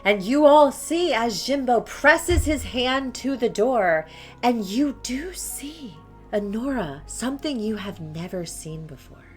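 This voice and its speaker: A woman running a tabletop game as game master, narrating scenes in a slow, hushed, suspenseful way. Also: on the high side, lively intonation, faint music behind.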